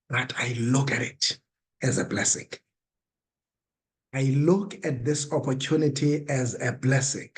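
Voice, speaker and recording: A man with a South African English accent hosting a sales meeting, speaking slowly and emphatically with playful asides. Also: medium pitch, darkish tone. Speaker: meeting host. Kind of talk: motivational sales talk.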